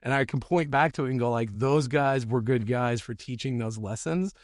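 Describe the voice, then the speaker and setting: A man's voice: medium pitch, normal speed, dry recording. Man, podcast host from New Jersey; casual storyteller, dry close sound. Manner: candid storyteller, swears, repeats words.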